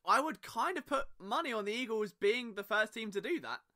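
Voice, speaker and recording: Young British male podcast host, jokey and rambling, bright tense tone. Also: high-pitched, animated, fairly quick. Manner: chatty, jokey, rambling asides. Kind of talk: casual sports podcast monologue.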